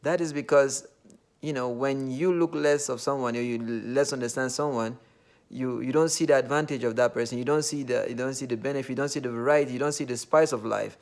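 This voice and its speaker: A man's voice: medium pitch, a little fast. A man from Nigeria with a Nigerian accent, talking earnestly to the camera in a casual monologue, with many fillers and restarts.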